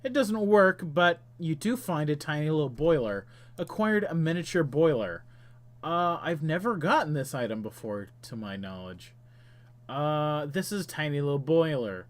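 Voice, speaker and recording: A man's voice: on the high side, very animated, moderate pace. A man hosting a game stream, chatting casually and reading the game's text aloud while muttering to himself as he plays.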